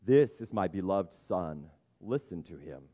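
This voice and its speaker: A man voicing God the Father as a solemn, loving male voice, speaking slowly. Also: low voice, lively intonation, mellow, in a large hall, voice pushed down.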